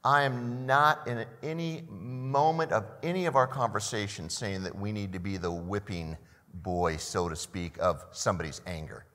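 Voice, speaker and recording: A man's voice: on the low side, moderate pace, fairly bright tone, long reverb tail. An older man preaching a sermon as a pastor, often repeating the first words of a phrase and asking the listeners questions.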